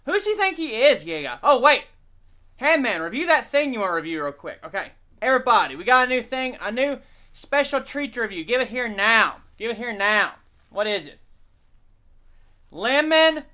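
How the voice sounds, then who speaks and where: A man's voice: very high-pitched, bright, forceful tone. A man hosting a live stream, rambling and profane while he reads the chat and eats.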